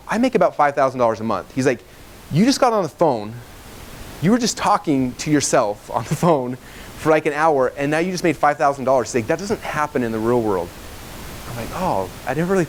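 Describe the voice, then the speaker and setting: A man speaking at a training session, telling stories casually and animatedly, with lots of "like" and quoting himself. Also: medium pitch. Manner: fast and animated, full of "like" and self-quoting. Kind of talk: casual storytelling talk to a live audience.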